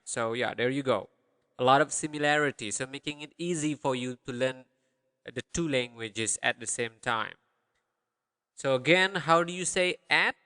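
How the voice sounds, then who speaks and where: A man with a Balinese accent teaching a language lesson, patiently repeating words slowly for learners to copy. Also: medium pitch, pushed and bright, clean tone, long reverb tail.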